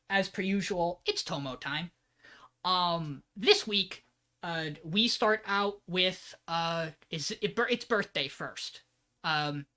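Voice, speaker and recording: A man's voice: sits high, sharp tone. A man co-hosting a podcast, giving a loose, joking plot recap and swearing freely. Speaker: podcast co-host.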